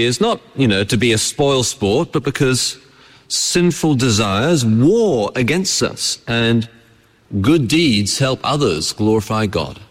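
A man with a lowish voice preaches a sermon in a church. His delivery is conversational, full of rhetorical questions to the congregation. A long hall reverb trails each phrase. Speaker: pastor.

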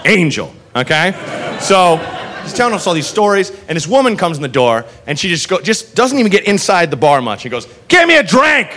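Male stand-up, high and expressive, profane storyteller. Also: a little fast. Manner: animated, profane, swings into character voices. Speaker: comedian.

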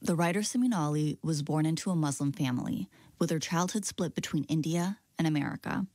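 Female radio host, deep-pitched, calm measured storytelling, close dry mic. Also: no echo. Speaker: radio programme presenter. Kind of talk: scripted radio presenting. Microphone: studio microphone.

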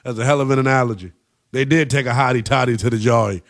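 A man hosting a late-night college football radio show, talking in an animated, emphatic way with plenty of slang. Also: medium pitch, quick pace. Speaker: sports radio host.

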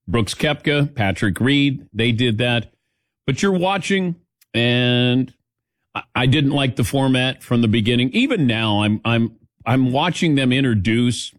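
A man hosting a sports talk show in a casual, rambling way, acting out the lines of people in his story. His voice sits at a middle pitch and comes across dry, with no room sound around it. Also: no room sound. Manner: rambling, animated storytelling with mimicked quotes.

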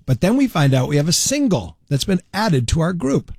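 Animated man telling a story on radio. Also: on the high side, brisk, vocal fry, breathy edge, no room sound, studio quality. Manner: animated storyteller, acts out quotes in exaggerated voices. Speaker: radio co-host. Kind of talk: casual on-air banter. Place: radio studio.

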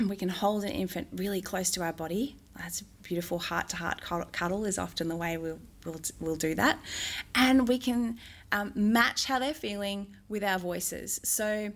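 A middle-aged woman speaks as a music therapist in an interview. Her voice sits at an ordinary middle pitch. She explains things gently and steadily, often pausing on "um" as she gathers her thoughts. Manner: gentle, measured, frequent "um" pauses.

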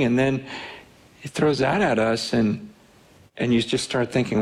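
A man preaching, telling a personal story in an earnest, animated way. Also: mid-range voice, unhurried, pauses often, breathy edge. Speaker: pastor. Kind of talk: sermon storytelling.

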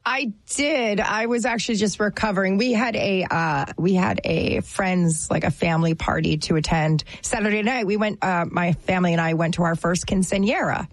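A woman from New Jersey co-hosting a casual chat, talking in a chatty, animated way full of fillers. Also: mid-range voice, normal speed, few pauses, no echo.

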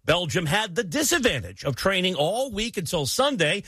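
American sports radio guy, bright slightly high voice, punchy opinionated takes, dry close mic. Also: moderate pace, slightly rough, no room sound. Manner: emphatic, opinionated, animated delivery. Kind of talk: sports talk commentary.

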